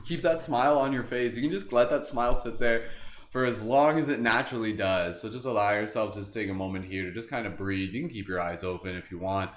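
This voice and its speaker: A man's voice: on the low side, fast talker, a little hiss or hum. A man hosting a live meditation stream, guiding breathing and chatting casually with viewers, with lots of fillers and frequent chuckles. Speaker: meditation livestream host. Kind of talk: guided meditation and live chat. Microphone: webcam livestream setup. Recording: roomy echo, faint ambience.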